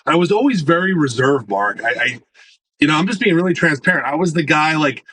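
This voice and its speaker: A man telling stories in a casual interview, animated, acting out the voices of people he quotes. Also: a little high, a little fast, breathy edge, dry recording, rough recording. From United States. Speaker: marketing executive guest.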